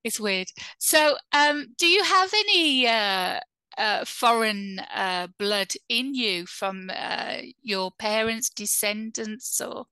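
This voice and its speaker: A woman's voice: on the high side, animated, slow pace, bright, forceful tone, clear, resonant tone, no room sound. A woman hosting a podcast interview, chatty and friendly, with many fillers and frequent laughs. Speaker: podcast host. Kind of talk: casual interview chat.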